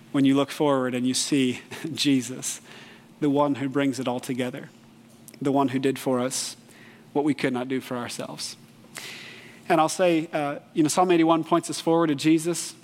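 A man giving a sermon as pastor, earnest and lively, with bursts of animated storytelling. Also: on the high side, big-room sound.

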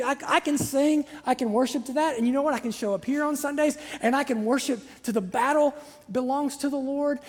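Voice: high-pitched, a little mellow, big-room sound. A pastor from Southern Ohio with a Southern Ohio accent, preaching a sermon in a conversational, joking way and repeating phrases for emphasis. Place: church sanctuary.

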